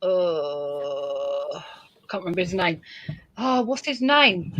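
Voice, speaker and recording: A woman's voice: fairly low pitch, slow pace, dull audio. A woman chatting casually as a guest on a live stream, laughing often and acting out quotes as she tells stories about exploring. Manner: giggly, lively storyteller, acts out quotes.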